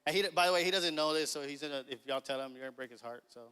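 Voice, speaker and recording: This pastor, a man in his thirties, speaks rapid-fire in a higher register with a pushed, bright, clean tone. During his sermon he chuckles through a family story and performs the dialogue himself. Long church-hall reverb fills the sanctuary recording.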